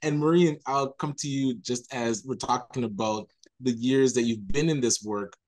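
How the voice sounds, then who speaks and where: Male panel host, affirming and encouraging, mid-pitched. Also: normal speed, a little mellow, rough recording. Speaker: panel moderator. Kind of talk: conference panel moderation.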